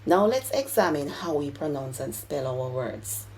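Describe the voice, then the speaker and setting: A woman's voice: sits low, lively intonation, measured pace, a little mellow, slight background noise, rough recording. A woman from Jamaica with a Jamaican accent, explaining things in a casual vlog and slipping into street patois phrases. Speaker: YouTuber.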